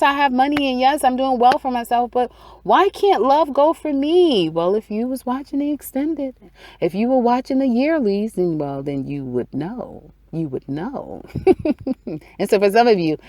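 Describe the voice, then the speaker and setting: A woman's voice: fairly low pitch, darkish tone, no echo. A woman giving a casual weekly tarot reading, chatty and repetitive, acting out people's inner thoughts. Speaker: tarot reader.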